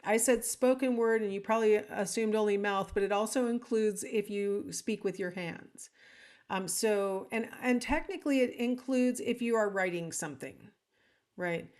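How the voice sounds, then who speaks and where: A woman's voice: medium pitch, normal speed, a little mellow. Woman lecturing casually to a recording. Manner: casual and conversational, with frequent ums and "right?"; acts out example lines in different intonations. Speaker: instructor. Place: alone at home or office, speaking to a recording.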